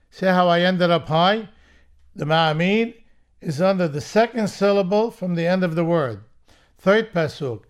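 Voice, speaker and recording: A man teaching how to chant scripture verses, patiently explaining each rule step by step and then chanting the examples slowly. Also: high-pitched. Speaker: cantillation teacher. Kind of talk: slow spoken lesson with chanted examples.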